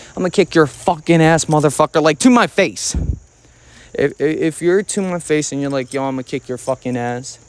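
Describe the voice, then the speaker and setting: A man's voice: mid-range voice, darkish tone. A man in a casual storytime monologue, angry, heavily profane and emphatic as he tells a family story.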